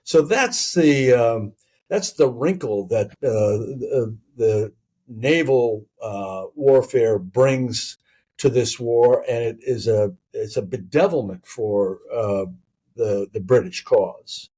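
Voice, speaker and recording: Mellow-voiced man explaining history. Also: mid-range voice, husky. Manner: measured storytelling, frequent filler pauses. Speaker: author guest. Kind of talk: conversational history interview.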